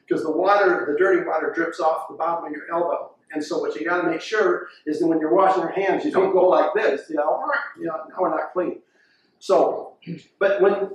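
A man with a fairly high voice preaches a sermon, lively and storytelling, acting out the people he quotes. He sounds distant from the microphone. The room around him is strongly echoey. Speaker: pastor. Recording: echoey room, voice from far off the mic.

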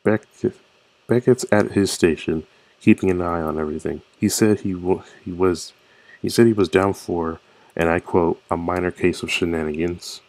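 A man's voice: low voice, fairly even intonation, normal speed, a little mellow, no room sound. A man reading the part of a scheming young male student who plans a prank, in a conspiratorial tone and often tripping over the words. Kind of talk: reading game dialogue aloud.

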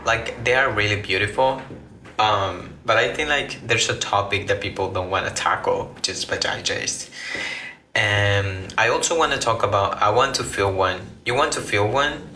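A man with a lowish, bright, forceful voice talks unhurriedly to his live viewers. He rambles, trips over his words and starts sentences over. The room around him rings with echo. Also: normal speed, a little hiss or hum. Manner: rambling, restarts phrases, reacts to comments. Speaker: livestreamer. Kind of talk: casual live chat with viewers.

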